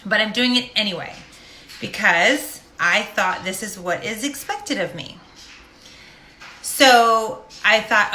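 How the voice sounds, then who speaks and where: A woman's voice: mid-range voice, takes it slowly, pushed and bright, a little hiss or hum. A middle-aged woman telling a personal story to a live audience in a casual, jokey, self-deprecating way. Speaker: host of a live stream. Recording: echoey room.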